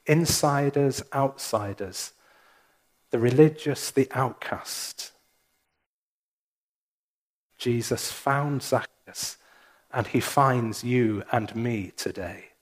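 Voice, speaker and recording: In a church, the minister, a man, gives a sermon at a slow, measured pace, pausing as he goes. He speaks at a medium pitch.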